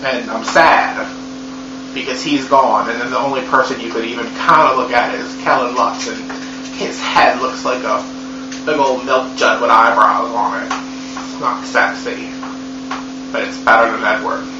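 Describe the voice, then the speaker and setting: A man's voice: medium pitch, fairly even intonation, unhurried. A man giving a comedic movie recap in a profane, sarcastic, rambling way. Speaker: movie reviewer. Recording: echoey room, dull lo-fi sound with hum.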